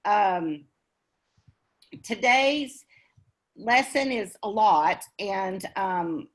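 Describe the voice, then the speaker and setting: Husky Texan woman coaching a group. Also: mid-range voice, expressive, drawn-out words. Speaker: coach leading a group call. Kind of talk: teaching a group video call.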